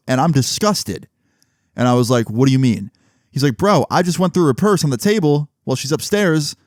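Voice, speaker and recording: A man's voice: medium pitch, no room sound, clean studio sound. A young man telling a long story casually, cursing freely and quoting the people involved. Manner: profane, rambling, retells dialogue in quotes.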